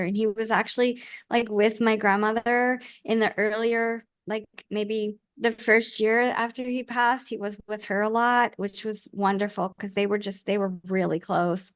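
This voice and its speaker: A middle-aged woman, an author and life coach appearing as a podcast guest, speaks earnestly and from the heart in a casual interview, often restarting her sentences. Her mid-range voice is clean, with no room sound and studio quality.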